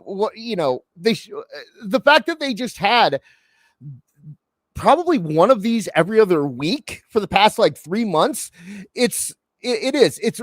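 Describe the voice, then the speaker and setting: A man talks wrestling in loose casual chat, his pitch leaping up and down as he stumbles over restarts. His voice sits a bit high for a man and sounds dry and close. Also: no room sound. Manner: animated, stammering restarts. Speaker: wrestling podcast host.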